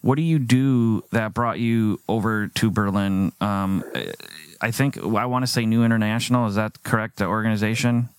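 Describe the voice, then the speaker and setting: A man's voice: on the low side, steady tone, moderate pace, smooth, dry recording. A man hosting a podcast, chatting casually and rambling with fillers and quoted asides. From United States. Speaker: podcast host. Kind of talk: casual interview chat.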